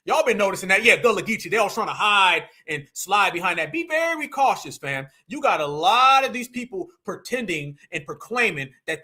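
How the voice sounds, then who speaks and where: Animated, husky-voiced male streamer. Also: high voice, normal speed, hardly any pauses. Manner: animated, slangy, mocking. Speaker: livestream host. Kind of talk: casual livestream commentary.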